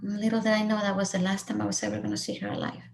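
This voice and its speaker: A woman's voice: medium pitch, big pitch swings, racing, slight background noise. A middle-aged woman raised in Mexico telling a personal story of loss to a student audience, earnest and emotional. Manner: earnest, emotional, voice rising and falling with feeling. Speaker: speaker sharing her story.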